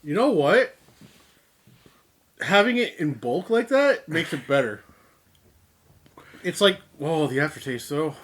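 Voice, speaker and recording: Man, from Canada, beer show co-host, jokey, fairly high voice, very lively intonation. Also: takes it slowly, long pauses. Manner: animated, jokey, exaggerated reactions. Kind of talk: casual chat.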